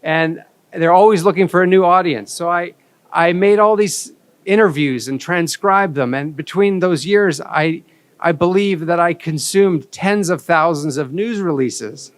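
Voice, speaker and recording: A man's voice: a little high, a little slow, dry recording. Candid man telling a conference story. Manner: candid, self-deprecating storytelling. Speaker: conference speaker. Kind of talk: storytelling keynote talk. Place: conference stage.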